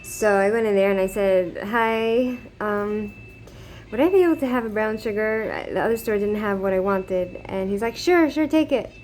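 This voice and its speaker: A woman's voice: medium pitch, normal speed, darkish tone, slight background noise. A woman telling a personal story to her camera in a rambling, casual way, with many fillers, restarts and frequent laughs. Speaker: vlogger. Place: living in Israel.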